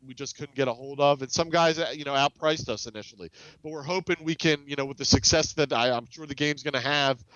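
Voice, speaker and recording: A man's voice: fairly high pitch, a bit bright, smooth, no echo, muffled recording. A man, a game studio's CEO, chatting as a podcast guest, rambling with frequent restarts and acting out quoted dialogue. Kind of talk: casual interview storytelling.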